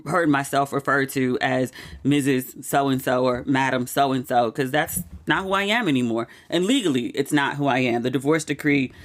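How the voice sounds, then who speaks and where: A woman hosting her own podcast, talking casually and candidly with frequent "like" asides, and getting emotional and animated over personal news. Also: very deep voice, moderate pace. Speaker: podcast host. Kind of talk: casual chatty monologue.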